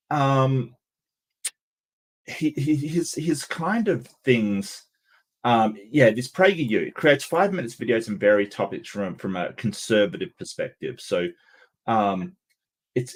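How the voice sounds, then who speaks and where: A man hosts a casual livestream and reacts to clips in a sarcastic, halting way, restarting his sentences often. His voice sits fairly low. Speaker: livestream host.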